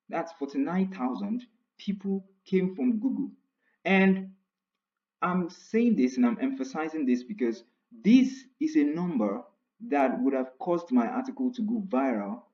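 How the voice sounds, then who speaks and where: Man, casual screen-share explainer, pushes his pitch up on key numbers, lo-fi mic. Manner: repeats phrases for emphasis, pitch jumps up when stressing numbers. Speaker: online writer explaining platform stats.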